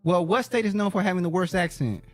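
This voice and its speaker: A man's voice: high voice, fast talker, no room sound, soft background music. A man co-hosting a podcast in casual chat, joking, teasing and laughing often. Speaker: podcast co-host.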